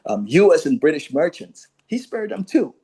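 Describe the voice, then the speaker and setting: A man's voice: on the high side, big pitch swings, normal speed, dark tone, husky, rough recording. A man giving an informal history lecture, talking conversationally and tagging his points with "you know" and "right?". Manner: reads quoted speeches aloud, then comments. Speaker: speaker at a commemoration talk.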